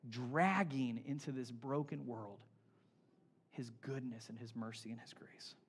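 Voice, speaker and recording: A man preaching a sermon, building emphasis through lists and dropping to quiet closes. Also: medium pitch, a little slow, a little hiss or hum. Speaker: pastor.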